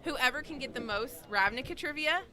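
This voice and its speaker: A woman's voice: high-pitched, animated, fairly quick, sharp tone. A woman running a trivia game in a game store, bossy and giggly. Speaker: trivia quizmaster. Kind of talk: casual group banter.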